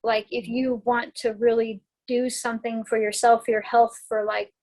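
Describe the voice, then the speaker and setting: A woman's voice: fairly high pitch, little pitch movement, moderate pace, a little mellow, low-quality recording. A woman herbalist talking as a guest in a casual interview while she recovers from a concussion. She rambles in a chatty way, with many restarts, and laughs often.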